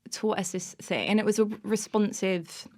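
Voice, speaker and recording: A woman's voice: mid-range voice, steady tone, normal speed, a little mellow. A woman, a podcast guest, telling funny self-mocking stories in a casual interview, often breaking into laughter.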